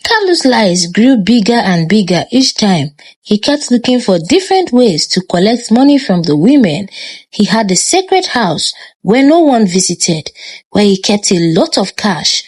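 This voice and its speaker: A woman with a Nigerian accent narrates a scripted folktale in a lively, lilting voice that swoops through a wide pitch range. Her delivery is expressive and storybook-paced. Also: a little slow, breathy edge.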